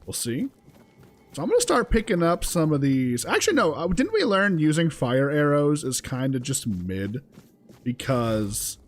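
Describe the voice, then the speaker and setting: A man's voice: medium pitch, a little hiss or hum. A young man streaming a game, chatting casually with his viewers, swearing freely and reacting to the action. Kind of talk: casual gameplay commentary.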